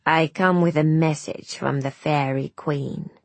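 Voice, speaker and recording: A woman's voice: deep voice, fairly even intonation, measured pace, dry recording. A woman voicing a wizened, toothless fairy crone, cruel and mischievous, sly and menacing in her storybook speech.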